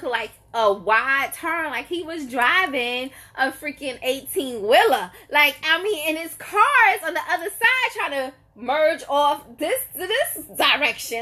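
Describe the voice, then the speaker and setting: Woman in her forties, animated live-chat storyteller, fairly high and crisp voice, emphatic and exasperated. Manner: emphatic, exasperated, repeats herself for effect. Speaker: vlogger greeting live viewers.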